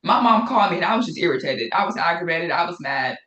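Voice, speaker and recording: A woman leads a casual Bible study in an echoey room, speaking conversationally and repeating phrases for emphasis. Her fairly low voice moves fast with lively intonation and a slightly bright tone, though the highs are cut off.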